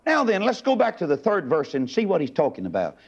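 A man preaching an old-time sermon, dropping to low murmurs and leaping to high shouting bursts. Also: huge pitch swings, fairly quick, muffled recording.

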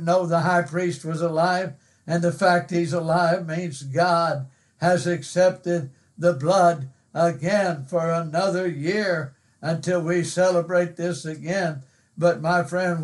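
A man pastor delivering a fervent sermon, repeating phrases and rising into cries. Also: on the high side.

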